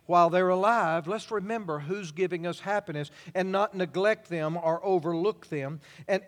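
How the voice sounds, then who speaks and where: An older man preaching a sermon in a folksy, storytelling way. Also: fairly high pitch. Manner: folksy, warm-hearted storytelling with chuckles. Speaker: pastor. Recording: hall reverb.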